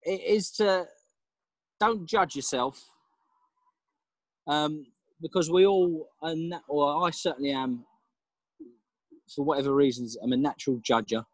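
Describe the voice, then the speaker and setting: Husky dad on a podcast. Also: male voice, a little high, measured pace, long pauses, no echo, low-quality recording. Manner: reflective, laughing, hesitant restarts. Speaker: podcast guest, father. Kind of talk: casual interview chat.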